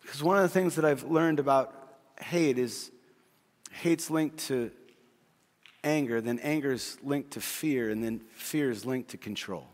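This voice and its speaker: A middle-aged man preaching a sermon as a pastor, telling a family story with animated energy before dropping to a quiet, earnest plea. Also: mid-range voice. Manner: storytelling, shifting from quick excited retelling to quiet earnest pleading. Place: large church hall. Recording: long reverb of a church hall.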